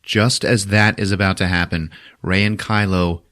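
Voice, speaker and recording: A man hosting a podcast, retelling a film in a casual, profane and animated way. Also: sits low, moderate pace. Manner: animated, swears often, acts out quotes in silly voices. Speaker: podcast host recapping a film. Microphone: podcast mic.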